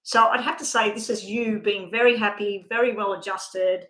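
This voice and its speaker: Woman, tarot reader, chatty and rambling, mid pitch, echoey room. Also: steady tone, normal speed, a bit bright. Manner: chatty, rambling, self-interrupting. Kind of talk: live card reading.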